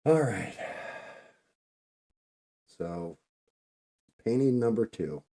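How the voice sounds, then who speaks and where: A man's voice: on the low side, lively intonation, drawn-out words, mellow. A man hosting a casual painting livestream, rambling loosely and swearing freely.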